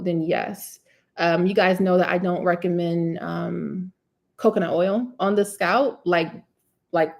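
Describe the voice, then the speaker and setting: Her voice mid-range and a little mellow, a woman with a New Jersey accent answers live questions about curly hair care on an indoor livestream. The Q&A is chatty and full of "you know what I'm saying."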